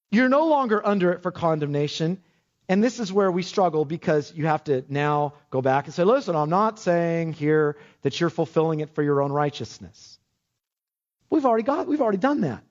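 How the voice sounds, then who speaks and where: Guy preaching in church, kinda high voice, muffled old recording. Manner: animated preaching with emphatic rising lines. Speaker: pastor. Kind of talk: sermon. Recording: dull lo-fi sermon recording.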